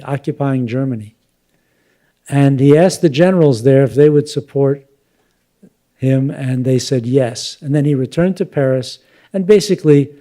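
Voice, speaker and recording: Older man lecturing, mellow voice. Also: mid-range voice. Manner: thoughtful, unhurried, with fillers and asides. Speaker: professor giving a lecture. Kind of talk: public lecture with slides.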